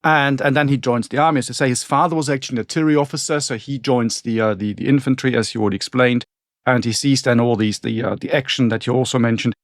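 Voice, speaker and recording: In a dry, studio-quality recording, a man with a steady, mid-range voice talks at a quick pace. He grew up speaking German in northern Germany and co-hosts a podcast, chatting casually about history with lots of rambling, restarts and asides.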